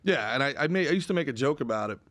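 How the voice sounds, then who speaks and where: A man's voice: medium pitch, lively intonation, very fast, a bit bright, dry recording. A man in his twenties co-hosting a podcast, rambling casually with crude jokes and lots of filler words. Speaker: podcast co-host.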